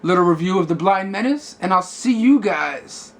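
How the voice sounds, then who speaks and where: Casual male movie reviewer, higher voice, loose and rambling, lots of fillers. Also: lively intonation, moderate pace. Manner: rambling, many fillers and restarts.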